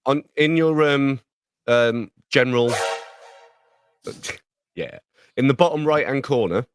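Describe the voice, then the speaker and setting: A man co-hosting a podcast pre-show, talking through software settings with lots of ums and easy laughter. His voice is mid-pitched and sits close and dry on the mic. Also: takes it slowly, smooth, no room sound, faint music behind. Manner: laughs easily, explains tech with many ums. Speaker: podcast co-host. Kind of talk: casual pre-show chat.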